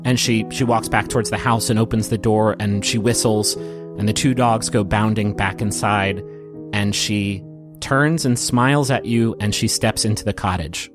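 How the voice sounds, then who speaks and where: A man narrating as game master of a tabletop game, telling the scene gently and unhurried, over soft piano and guitar music. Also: fairly low pitch, steady tone.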